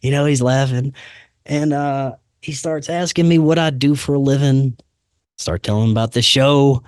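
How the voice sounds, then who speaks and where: A man tells a story in a loose, easygoing podcast-host way, tossing in "man" and "dude" as he goes. His voice sits at an everyday middle pitch. The recording is close and dry, with no room sound. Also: moderate pace, darkish tone, clear, resonant tone, no echo. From Louisiana, US. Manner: laid-back, peppers talk with "man" and "dude". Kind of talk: casual storytelling.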